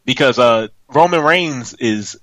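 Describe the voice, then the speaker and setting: On a wrestling podcast, a male co-host with a medium-pitched voice speaks a little slowly, with no room sound. He's brash and animated in his casual talk, teasing and swearing freely.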